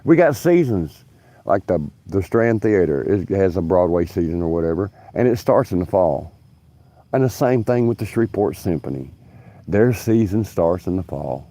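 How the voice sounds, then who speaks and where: A man's voice: low voice, expressive, normal speed, mellow, dry recording. A man rambling through stories on a livestream from his backyard, swearing and laughing as he talks. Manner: profane, laughing, drawling. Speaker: livestream host, union stagehand. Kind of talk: rambling casual storytelling. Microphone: phone camera set down nearby.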